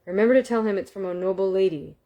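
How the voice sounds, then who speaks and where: A woman's voice: medium pitch, quick pace, mellow, lightly acted. A woman voicing a sly young man in disguise, talking in a persuasive, wheedling patter in a storybook reading.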